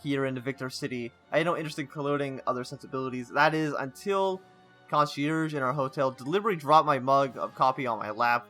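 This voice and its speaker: A man's voice: medium pitch, fast talker, fairly bright tone, soft background music. A man playing a story game, reading its text aloud with stumbles and breaking off into casual asides. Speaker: gaming channel host.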